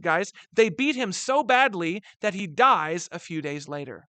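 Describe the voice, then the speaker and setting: A man teaching a history lesson in a recorded lecture, chatty and animated, calling his students guys and dropping slangy asides. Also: high voice, measured pace, hardly any pauses, no room sound.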